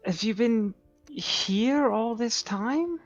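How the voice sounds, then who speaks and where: A woman playing in a tabletop game, asking quiet questions in casual chat. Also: fairly high pitch, expressive, slow pace, highs cut off, faint music behind. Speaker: player.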